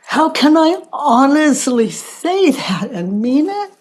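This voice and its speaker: An older woman hosting a podcast, speaking softly and reflectively, often sinking into whispers between long pauses. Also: sits high, sing-song. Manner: soft-spoken, drifting into whispers, long pauses. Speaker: podcast host. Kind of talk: slow reflective spiritual talk.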